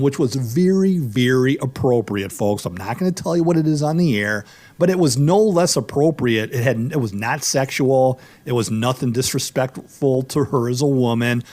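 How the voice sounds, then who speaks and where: A middle-aged man hosting a radio talk show, telling a story with a lively, swinging pitch. He talks in loose, animated banter and climbs into exclamations. His voice sits in a middle register. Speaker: law show host.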